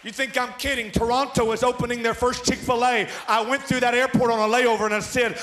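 A man preaching a revival sermon, swinging from hushed, rhythmic lines to loud shouted peaks, with joking asides to his congregation. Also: extremely high pitch, level tone, fairly quick, hardly any pauses, slight background noise. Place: large church hall. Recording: echoey church hall.

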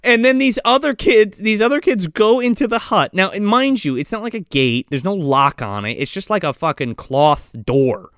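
Guy rambling thru a movie plot, cussing constantly, high voice, dead dry sound. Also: expressive, normal speed, hardly any pauses, a bit bright, no echo. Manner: rambling, heavy swearing, lots of fillers. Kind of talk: casual chat recapping a film.

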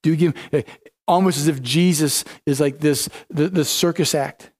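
A man with a notably high voice delivers a sermon as a pastor. He tells the story in a loose, conversational way, slipping into casual modern phrasing as he goes. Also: fairly even intonation, moderate pace, darkish tone.

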